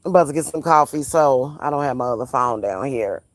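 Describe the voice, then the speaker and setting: A woman's voice: a bass voice, expressive, a little fast, no room sound. A woman vlogger ranting casually at home, blunt and profane, repeating phrases for emphasis. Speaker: spiritual reader and vlogger.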